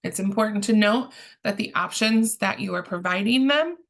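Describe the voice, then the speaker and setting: Calm woman trainer with vocal fry. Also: mid-range voice. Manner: calm, measured, explanatory with frequent ums. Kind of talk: training presentation.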